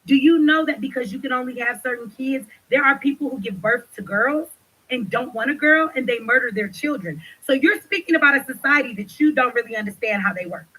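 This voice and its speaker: A woman hosting a livestream, talking loudly and passionately with lots of swearing as she rants and reads chat. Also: high-pitched, a little fast, husky, low-quality recording. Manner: loud, passionate, profane ranting. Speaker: livestream host. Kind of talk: livestream commentary.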